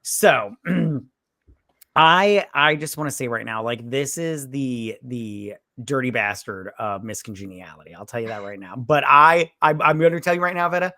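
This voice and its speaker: Her pitch is extremely low and her tone bright and forceful as this woman co-hosts a casual movie review chat at a moderate, animated pace. Rambling and profane, she recounts scenes and quotes characters, heard on a dry, studio-quality recording.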